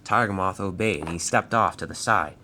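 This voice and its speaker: A man's voice: low-pitched, a little fast, pushed and bright. A man narrating a fan-made story in a plain storytelling way, with restarts.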